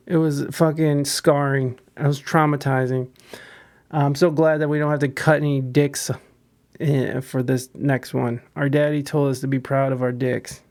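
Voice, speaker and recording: A young man's gravelly, slightly high voice carries a loose podcast chat. He jokes crudely and rambles, often restarting his sentences mid-thought. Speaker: podcast host.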